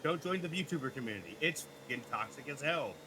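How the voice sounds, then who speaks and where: A man co-hosting a casual gaming chat, animated and joking, tripping over his words. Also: medium pitch, brisk, noisy background. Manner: animated, joking, stumbling restarts. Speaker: gaming video co-host and streamer.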